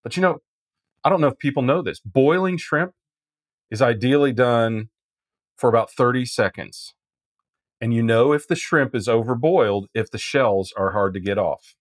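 A man's voice: mid-range voice, moderate pace, dry recording, studio quality. A man co-hosting a live business show, tossing in joking, chatty asides. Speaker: livestream co-host. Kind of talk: casual live show banter.

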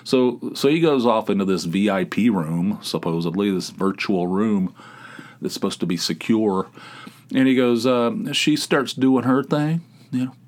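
A man's voice: lowish voice, measured pace. A man hosting a solo comedic podcast, telling rambling anecdotes in an incredulous way. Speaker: podcast host.

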